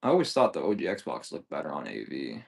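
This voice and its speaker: Creaky, lively-voiced man selling games. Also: extremely low pitch, quick pace. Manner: profane, rambling, joking. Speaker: seller on a live auction stream. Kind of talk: casual live-selling chat.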